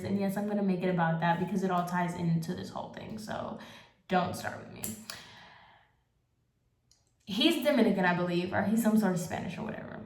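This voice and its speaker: A young woman vlogger ranting in casual commentary, exasperated and sarcastic. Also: fairly low pitch. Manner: exasperated, sarcastic, fast asides. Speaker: beauty vlogger. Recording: echoey room.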